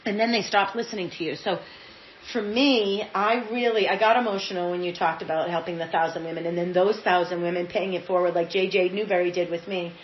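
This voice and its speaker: A woman's voice: lowish voice, steady tone, brisk, slight background noise. A middle-aged woman from Massachusetts, an interview guest telling motivational stories emphatically and acting out the voices of people she quotes. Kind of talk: motivational storytelling in conversation. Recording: echoey room, slightly dull sound, faint ambience.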